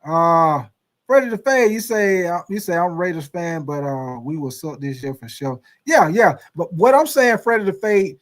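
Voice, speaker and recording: A man's voice: a little high, lively intonation, moderate pace. A man hosting a casual sports live stream, reading viewer comments in a laid-back drawl and calling them y'all. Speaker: sports livestream host.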